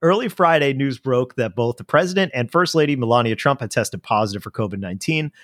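A man with a mid-pitched, even voice reads news on a casual podcast. He sounds measured and a bit wry, adding dry remarks between quotes. The recording is close and dry. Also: no echo. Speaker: podcast co-host. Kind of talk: casual chat, reading news aloud.

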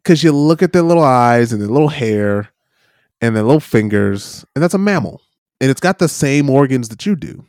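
Animated man telling stories, dry sound. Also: mid-range voice, normal speed, no echo. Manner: animated storyteller, acts out quoted voices, many "right?" tags. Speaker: podcast co-host. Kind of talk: casual chat, storytelling. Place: lives in New Zealand.

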